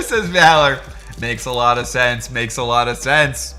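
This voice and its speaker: A young man hosting a casual livestream, excitedly greeting chat viewers by name and hyping things up as he talks. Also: mid-range voice, measured pace. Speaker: livestream host.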